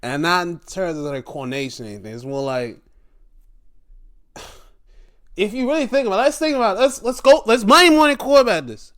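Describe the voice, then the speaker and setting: Animated man recapping wrestling. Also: sits high, brisk, long pauses. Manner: animated, swearing, frequent sighs. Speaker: podcast host.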